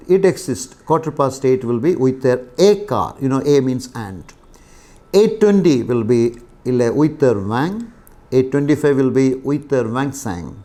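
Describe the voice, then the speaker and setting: An older man with an Indian English accent teaching basic French, explaining patiently with pauses and fillers. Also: medium pitch, dark tone. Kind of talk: classroom lecture.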